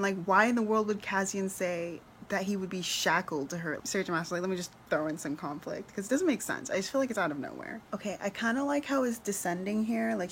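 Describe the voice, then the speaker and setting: A woman's voice: mid-range voice, slight background noise. A young woman filming a casual book vlog, gushing and emotional, often laughing as she talks. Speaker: book vlogger. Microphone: camera mic.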